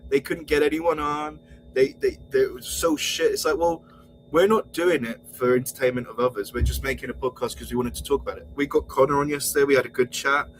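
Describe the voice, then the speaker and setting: A man's voice: medium pitch, fairly even intonation, a little fast, a little hiss or hum, rough recording. A man co-hosting a podcast, exasperated and heated, swearing as he rants. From England. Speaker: podcast co-host. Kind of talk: casual podcast rant.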